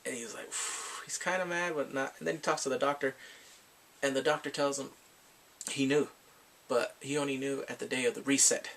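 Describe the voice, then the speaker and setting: A man's voice: medium pitch, steady tone, brisk, a bit bright. A man casually recapping drama episodes, rambling and filling his talk with "like" and acted-out quotes. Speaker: drama reviewer.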